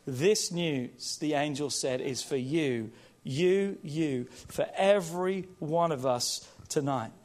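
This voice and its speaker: A male pastor preaching a sermon, emphatic and repetitive, urging his congregation, slowing and stretching key phrases. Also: a little high, a little mellow.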